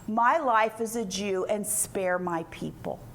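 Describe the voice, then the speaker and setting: A woman voicing Esther, a fearful but obedient young queen, speaking in halting, hesitant pleas. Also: medium pitch, slight background noise, voice pushed down. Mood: timid.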